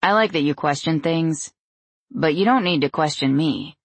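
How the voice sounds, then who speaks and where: A woman reading the part of a grown man, a guarded boyfriend who talks in a calm, slightly condescending way. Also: mid-range voice, moderate pace, no echo, natural voice. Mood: placating. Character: smooth, guarded adult male boyfriend.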